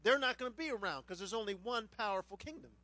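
A middle-aged man, a pastor preaching a sermon, who tells funny stories with lively voices mixed into his teaching. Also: high voice, fast talker, no room sound. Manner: animated, humorous storyteller who puts on voices. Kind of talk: sermon with a personal anecdote.

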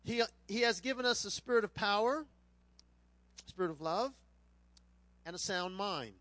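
A middle-aged man, a pastor preaching a sermon, who tells funny stories with lively voices mixed into his teaching. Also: high voice, normal speed, no echo. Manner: animated, humorous storyteller who puts on voices. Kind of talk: sermon with a personal anecdote.

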